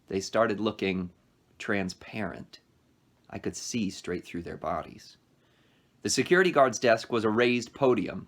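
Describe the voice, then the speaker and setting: A male teacher reading a novel aloud to his class at a brisk storytelling pace, adding short asides. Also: fairly low pitch, a bit bright.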